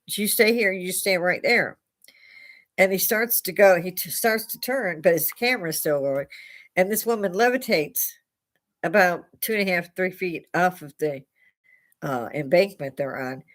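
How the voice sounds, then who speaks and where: Older woman, livestream host, low-ish voice, tipsy, rambling, swears and laughs a lot. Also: animated, normal speed. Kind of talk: casual livestream storytelling. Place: at a bar.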